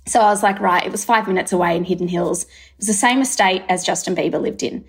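A woman's voice: mid-range voice, fast, vocal fry. Aussie woman telling a wild story on a podcast, lots of "like" and acted-out asides. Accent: Australian. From Australia. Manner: lively, acts out her own thoughts in quotes, many fillers. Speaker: brand founder, guest. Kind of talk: animated storytelling in conversation.

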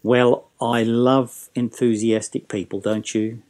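Animated storyteller man. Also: mid-range voice, slow pace. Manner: animated storyteller, acting out quotes. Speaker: guest, business trainer. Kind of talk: casual interview talk.

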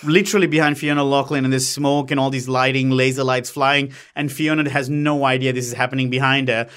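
A man co-hosting a podcast, chatting casually with a bright, clear edge to his voice. He jokes and teases, laughing easily at his own stories. His pitch sits in an ordinary middle range. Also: flat delivery, brisk. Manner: joking, teasing, laughs a lot. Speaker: podcast co-host. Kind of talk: casual chat.

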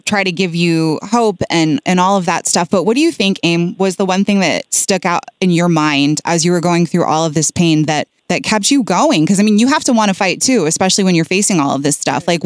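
A woman's voice: lowish voice, a little fast, no echo. A woman hosting an interview, asking questions in a supportive way. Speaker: host. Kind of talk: interview conversation.

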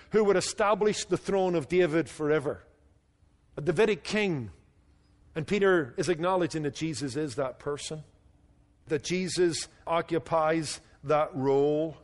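Earnest male preacher in a reverberant hall. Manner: earnest, drops low and quiet on key points. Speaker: pastor. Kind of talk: sermon.

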